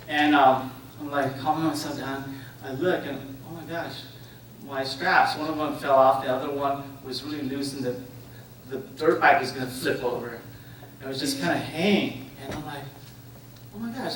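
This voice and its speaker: A man giving a conference talk to an audience, telling stories and often checking in with "right?" and "okay?". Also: on the high side. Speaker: conference speaker. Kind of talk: interactive lecture to an audience. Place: conference room. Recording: echoey room, distant mic, faint noise.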